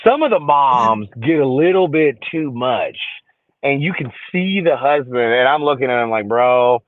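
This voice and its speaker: A man's voice: medium pitch, expressive, moderate pace. A middle-aged man, a podcast guest and social media creator, chatting casually and telling jokey stories in which he acts out other people. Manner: joking, storytelling, acts out other people's voices. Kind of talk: casual chat. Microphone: phone call. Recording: dry tinny phone-like line.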